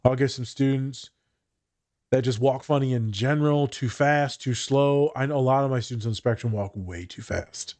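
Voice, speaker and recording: A man's voice: mid-range voice, normal speed, darkish tone, no echo. A man, a teacher, chatting casually on a podcast, laid-back and swearing freely. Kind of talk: casual chat.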